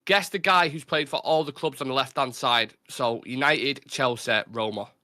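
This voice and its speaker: Male quiz host, forceful and bright, quick bantering delivery. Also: medium pitch, no room sound, clean studio sound. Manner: quick banter, reads out answers. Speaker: podcast host running a football quiz. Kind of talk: casual chat.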